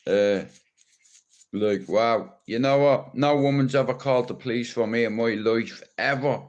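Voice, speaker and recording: A man with an Irish accent rambles through a live stream at an unhurried pace. He is blunt and teasing, and he swears freely. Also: medium pitch, darkish tone, highs cut off. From Ireland. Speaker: livestreamer.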